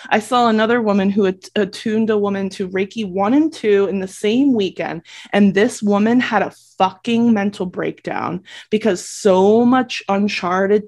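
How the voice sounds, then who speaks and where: A young adult woman hosting her own podcast, talking emphatically and bluntly in an impassioned solo monologue, swearing freely. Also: mid-range voice. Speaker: podcast host and reiki practitioner.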